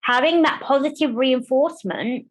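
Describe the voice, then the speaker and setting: A woman's voice: high voice, normal speed. A woman from Germany, a guest on an interview show, talking candidly and with animation about her life. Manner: animated, chatty, acts out quoted voices. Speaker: guest, disability rights campaigner.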